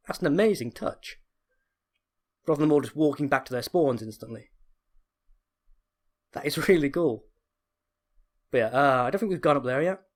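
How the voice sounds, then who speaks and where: A man giving chatty, enthusiastic gameplay commentary, often correcting himself. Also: fairly high pitch. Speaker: let's play host.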